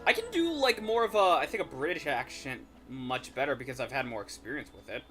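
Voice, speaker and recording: A man's voice: mid-range voice, lively intonation, brisk, music in the background. A man chatting casually on a gaming livestream, rambling and correcting himself as he goes. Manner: rambling, self-correcting, swears. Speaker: streamer.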